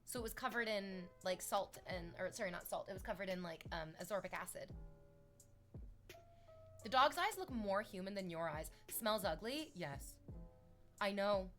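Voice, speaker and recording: Woman streaming, mid pitch, jokey sarcastic chat, reads chat out, bit of music behind. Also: expressive, moderate pace, fairly bright tone.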